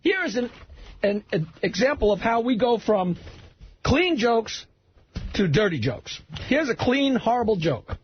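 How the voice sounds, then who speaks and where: A man hosting a radio joke show, telling jokes in an animated way and laughing at them. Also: very high voice, unhurried, lo-fi sound, slight background noise.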